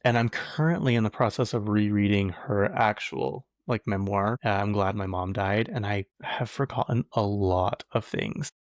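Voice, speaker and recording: A man's voice: fairly low pitch, moderate pace, hardly any pauses, no echo. A man hosting his own podcast, chatting casually and gossipily, laughing often and restarting his sentences. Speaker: podcast host. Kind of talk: casual solo podcast chat.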